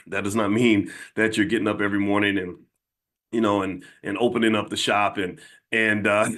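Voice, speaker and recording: A man's voice: lowish voice, fairly bright tone. A middle-aged man hosting his channel, talking straight to viewers in an earnest, conversational way, often repeating and restarting phrases. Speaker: channel host and finance educator. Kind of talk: casual monologue to viewers.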